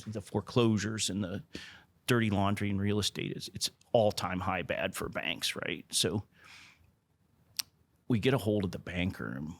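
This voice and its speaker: A man's voice: fairly low pitch, moderate pace, dry recording. A man, a company president, telling a long business story in casual conversation, restarting sentences and repeating words as he goes. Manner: animated when retelling others' words. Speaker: company president, interview guest.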